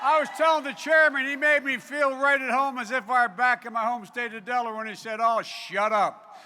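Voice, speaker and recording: A man's voice: very high voice, level tone, quick pace, a little hiss or hum. An older man giving a folksy convention speech, often raising his voice over an audience. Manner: loud, folksy, raises voice over applause. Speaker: political speaker. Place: large convention hall.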